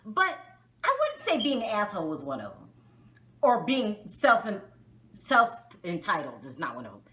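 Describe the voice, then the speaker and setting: A woman hosting a casual review vlog, talking in an animated, outspoken and exasperated way and often laughing. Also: medium pitch, moderate pace. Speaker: reality TV reviewer, vlog host. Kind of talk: casual spoken show review.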